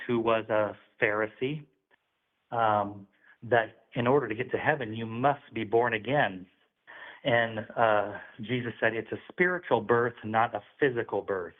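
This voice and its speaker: A man speaks over a thin, phone-like line, recounting a spiritual story with earnest, preachy conviction. His voice sits at an ordinary middle pitch. He tells it slowly and sincerely. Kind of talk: religious testimony on a call.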